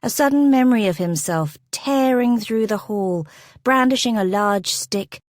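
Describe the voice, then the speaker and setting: A woman's voice: on the high side, no room sound. Dry, close woman narrating a romance. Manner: measured, descriptive. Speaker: audiobook narrator. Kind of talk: scripted narration.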